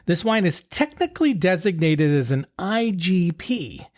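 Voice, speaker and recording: A man's voice: high voice, sing-song, a little slow. Laid-back man explaining as podcast co-host. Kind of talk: casual podcast chat.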